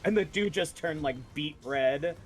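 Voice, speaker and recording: A man's voice: fairly high pitch, measured pace. A man chatting casually with gaming friends, rambling through a story with lots of fillers and frequent laughter. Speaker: gamer streaming with friends. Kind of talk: casual chat.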